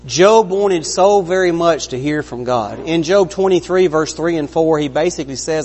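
High-voiced preacher in a reverberant hall. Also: male voice, moderate pace, hardly any pauses, a little mellow, faint music behind. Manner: earnest, conversational, acts out quoted lines. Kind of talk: sermon. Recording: long reverb of a large hall.

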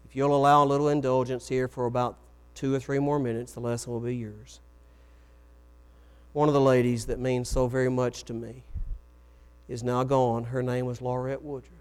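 A man's voice: mid-range voice, flat delivery, moderate pace, darkish tone, clean tone. A man preaching a sermon, telling stories and acting out the quoted voices. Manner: storytelling, acts out quoted voices.

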